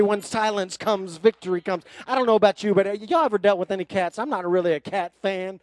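A man preaching a sermon from the pulpit, emphatic and building into forceful runs. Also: very high voice, brisk, few pauses, dry recording. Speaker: pastor.

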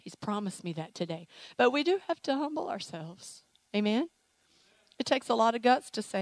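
A woman's voice: medium pitch, fairly quick, dry recording, rough recording. Emotional woman preaching, dry close sound. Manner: emotional, animated, playful with acted asides. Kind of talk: sermon with altar call. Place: church sanctuary.

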